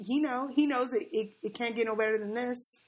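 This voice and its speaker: A young woman chatting casually and telling a story in a slightly high voice. She talks in an animated way, laughs a lot and acts out what people said to her. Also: brisk, background noise.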